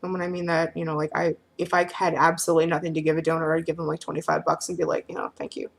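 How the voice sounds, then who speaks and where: A woman's voice: sits low, little pitch movement, very fast, gravelly. A woman talking casually to the camera, answering questions in a frank, rambling way full of filler phrases.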